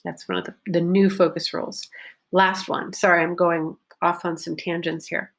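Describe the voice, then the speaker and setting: Lady teaching pronunciation, kinda low voice, lots of vocal fry, repeats stuff slowly. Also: level tone. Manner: slow, careful, repeats example sentences. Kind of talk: unscripted pronunciation lesson.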